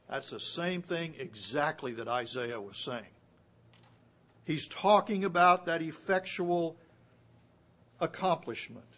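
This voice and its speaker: Emphatic high-voiced preacher man. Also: animated. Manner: emphatic preaching with wide swings in loudness; reads scripture aloud, slows for key phrases. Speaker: pastor. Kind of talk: sermon.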